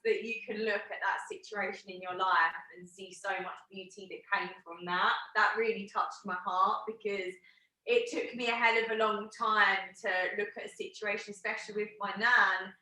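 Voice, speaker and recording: A woman's voice: mid-range voice, fairly even intonation, moderate pace, sharp tone. A woman co-hosting a video call, speaking in an effusive, affectionate way. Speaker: co-host. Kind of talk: emotional supportive talk on a video call. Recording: roomy echo.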